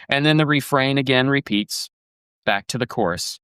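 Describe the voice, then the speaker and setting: A man co-hosting a music podcast in casual chat, enthusiastic and quick to laugh, reading song lyrics aloud and musing on them. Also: medium pitch, a bit bright, clear, resonant tone, dry recording. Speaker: podcast co-host.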